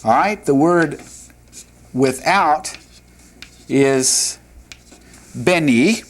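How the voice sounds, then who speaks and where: Male instructor, unhurried lecture delivery, patient tone. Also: a little high, lively intonation, a little hiss or hum. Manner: slow, patient, sounds out words. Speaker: Hebrew teacher. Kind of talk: classroom lecture.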